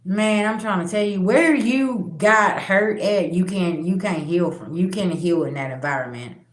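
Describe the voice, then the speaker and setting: A woman with a fairly low, slightly slow voice hosts her spiritual channel, sharing candid personal stories directly with her viewers. She's blunt and swears plenty, and the recording has a roomy echo.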